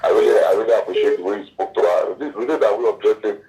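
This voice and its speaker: A man's voice: lowish voice, steady tone, racing, mellow, poor audio. A man calling a radio show, repeating his plain advice. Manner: advising, repetitive. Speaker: caller.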